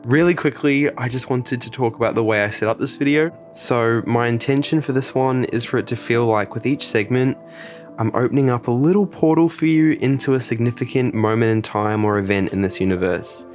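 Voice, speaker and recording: A man's voice: medium pitch, brisk, faint music behind. A man hosting his art channel, chatting to camera in a playful, jokey and dramatic way. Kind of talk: casual chat to camera.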